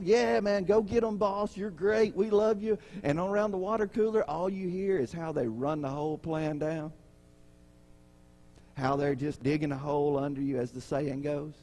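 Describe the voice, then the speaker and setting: A man's voice: on the high side, dark tone. A man preaching a sermon. He talks in a conversational way, asks the congregation questions and acts out the people in his stories. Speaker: pastor.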